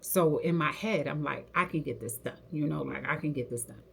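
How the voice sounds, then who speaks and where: Low-voiced woman telling a story. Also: fairly quick, vocal fry, a little hiss or hum. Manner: animated, slangy retelling, acting out quotes. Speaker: hair stylist telling her story. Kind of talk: casual storytelling to camera.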